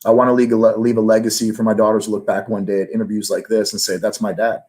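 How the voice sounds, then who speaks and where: A man's voice: fairly low pitch, little pitch movement, fast talker, darkish tone. A man as an interview guest, talking earnestly and emotionally about his life, his voice rising when he is moved. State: emotional, near tears. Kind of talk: candid personal interview.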